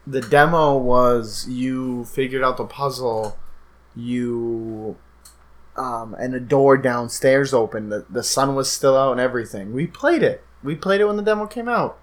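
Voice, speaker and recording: A man's voice: mid-range voice, a little slow. A man co-hosting a casual podcast chat, telling game stories with lots of swearing and animation. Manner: profane, animated storytelling. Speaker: podcast co-host.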